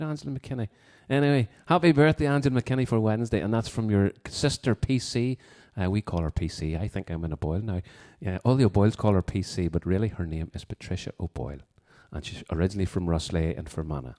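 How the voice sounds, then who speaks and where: A man's voice: on the low side, fast talker, hardly any pauses, warm tone. A man chatting casually between songs as host, rambling as he reads out requests and birthday wishes from a piano room at home. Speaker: host of a live music show.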